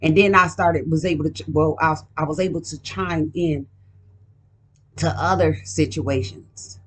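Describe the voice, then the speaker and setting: A woman's voice: deep voice, measured pace, husky. A woman doing a casual card reading at home, talking in a profane, emphatic, rambling way. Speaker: card reader.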